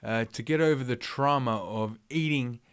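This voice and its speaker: A man's voice: mid-range voice, normal speed, clean tone. Rambling, profane male streamer ranting. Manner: rambling and profane, with many fillers and restarts; blunt, opinionated ranting. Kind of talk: livestream commentary rant.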